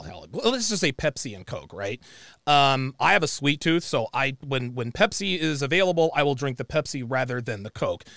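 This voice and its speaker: A man hosting a call-in show, talking bluntly and interrupting callers over and over. His pitch rises and falls a lot, with a gravelly edge. The studio mic is close and dry. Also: a bit bright, no echo. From United States. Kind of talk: opinionated call-in talk.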